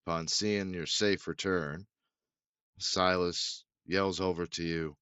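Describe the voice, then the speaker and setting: A man's voice: sits low, fairly even intonation, takes it slowly, a bit bright, smooth, no echo. A man narrating as game master in a loose, swearing, laugh-prone way, recorded on a dull lo-fi mic.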